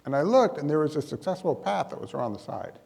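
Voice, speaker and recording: Gravelly man telling a funny story. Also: fairly high pitch, fast talker, big-room sound. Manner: lively, self-deprecating, with comic timing. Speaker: emergency manager giving a talk. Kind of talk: humorous personal storytelling to an audience.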